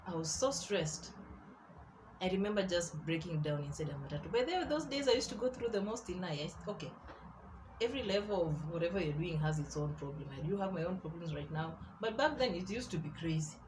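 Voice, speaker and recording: A young Kenyan woman tells a story in a casual vlog. Her voice sits a little low, and she talks in an animated, laughing way, slipping between English and Swahili slang. Faint room ambience hums behind her. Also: a little fast, background noise. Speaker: artist and vlogger.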